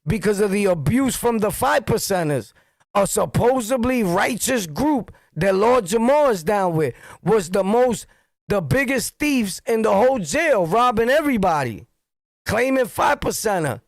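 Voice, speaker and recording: A middle-aged man with a New York accent, a streamer telling street stories in a blunt, profane, animated monologue. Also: high-pitched, measured pace, gravelly, no room sound. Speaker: streamer and commentator. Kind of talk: heated street-talk monologue.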